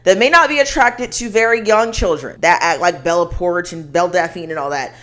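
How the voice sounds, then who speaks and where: A woman's voice: lowish voice, brisk, a bit bright. A young woman giving a blunt, emphatic, slangy commentary rant to the camera. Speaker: commentary vlogger.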